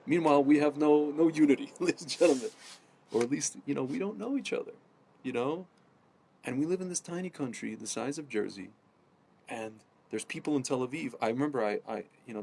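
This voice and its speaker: A man ranting casually to camera, rambling with many fillers and restarts, often addressing his audience as ladies and gentlemen. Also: medium pitch, vocal fry. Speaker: political commentator. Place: home in Jerusalem.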